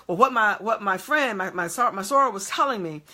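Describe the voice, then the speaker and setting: Bright-voiced woman preaching emphatically. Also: medium pitch, expressive, fairly quick. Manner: emphatic, repeats short checks to the audience. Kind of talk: motivational sermon.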